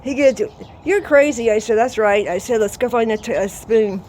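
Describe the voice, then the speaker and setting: A woman's voice: mid-range voice, brisk, dark tone, a little hiss or hum. Boisterous, salty woman in her sixties. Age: 60s. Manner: laughing, salty, boisterous storyteller. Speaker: vlogger. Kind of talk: casual storytelling. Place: outdoors at her home yard.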